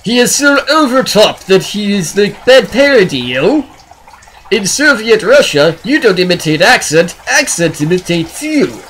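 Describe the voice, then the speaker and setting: A guy doing a big overblown fake Russian bad guy, louder and higher than his own talk, hamming up every word. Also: big pitch swings, measured pace, slight background noise, full character voice, rough recording. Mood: mocking. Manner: loud, exaggerated parody. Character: mock Russian villain, hammy overblown male accent.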